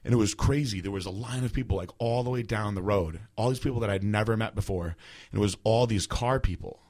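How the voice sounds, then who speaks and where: Chatting on a podcast, a host who sounds to be in his thirties rambles through a long personal tale, full of fillers and restarts. His very low voice has a darkish tone, and he talks fast and casually.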